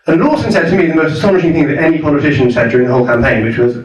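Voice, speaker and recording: A man's voice: on the high side, very fast, few pauses, far from the mic, lo-fi sound. Scottish-born man talking in an echoey hall. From Scotland. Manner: thoughtful, conversational, many restarts and "you know"s. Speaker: guest speaker. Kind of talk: talk at a public rally. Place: hall at a public event.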